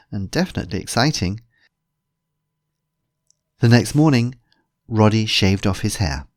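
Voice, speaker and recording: A man with a lowish voice narrates a comic short story at a steady, measured pace. His delivery is even and controlled. He sounds like a practised reader. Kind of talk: scripted narration.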